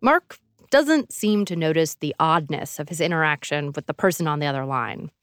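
Low-voiced woman narrating a podcast. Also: animated, no room sound. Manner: measured, dramatic. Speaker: podcast host. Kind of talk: scripted narration.

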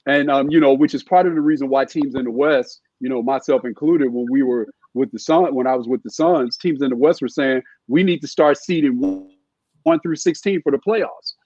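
Husky middle-aged man, halting sports talk. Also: medium pitch, a little mellow, no room sound, lo-fi sound. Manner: halting, with many restarts and fillers. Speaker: guest, former NBA scout. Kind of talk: casual podcast chat.

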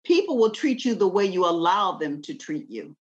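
A woman's voice: on the low side, normal speed, highs cut off. Emphatic woman in preacher mode. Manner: lively, animated storytelling. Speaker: guest. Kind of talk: casual conversation.

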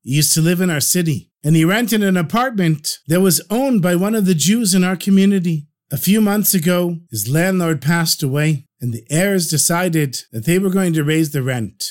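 A man's voice: high voice, expressive, moderate pace, hardly any pauses, darkish tone. Brief: man doing an eager Hasid, confiding. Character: eager male Hasid sharing news.

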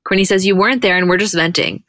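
A woman co-hosting a podcast, recapping a show in casual chat and quoting people in quick animated bursts. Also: medium pitch, dry recording, studio quality. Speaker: podcast co-host.

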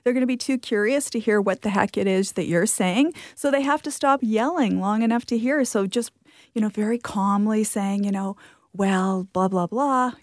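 A woman's voice: medium pitch, moderate pace, dry recording, studio quality. A woman speaking as a parenting expert guest, giving reassuring, chatty advice with light laughs. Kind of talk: interview answers.

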